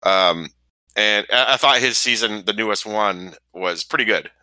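A man chatting casually about movies in a relaxed way, with lots of fillers. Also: fairly low pitch, measured pace, dry recording, rough recording.

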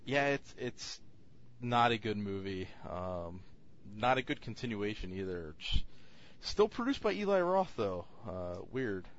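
A man's voice: on the low side, sing-song, unhurried, dull audio. A man co-hosting a casual podcast chat, reviewing films in a rambling way with many fillers and restarts.

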